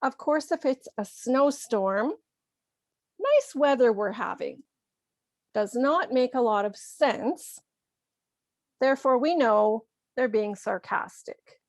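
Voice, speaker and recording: Slow, clear woman teaching English. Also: sits high, no echo. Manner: clear, deliberate explanations with acted examples. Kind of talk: slow, careful ESL lesson.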